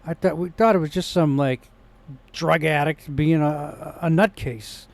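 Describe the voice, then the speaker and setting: A man's voice: on the high side, measured pace, creaky. A man telling a personal story in a rambling vlog monologue, with restarts, growing indignant in places. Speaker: vlogger.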